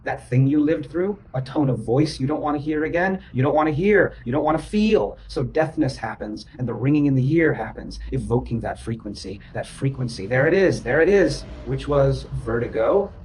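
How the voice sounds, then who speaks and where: A man of middle pitch talks a client through his ideas. He speaks emphatically and circles back over the same words, sometimes chanting a rhythm aloud. There is faint noise under his voice. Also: expressive, moderate pace, hardly any pauses, darkish tone, rough recording. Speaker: therapist. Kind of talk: explaining to a client.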